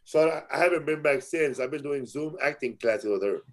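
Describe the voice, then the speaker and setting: A man's voice: on the high side, brisk. Rambling male podcast host. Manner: rambling storyteller, repeats words when excited. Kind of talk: casual chat.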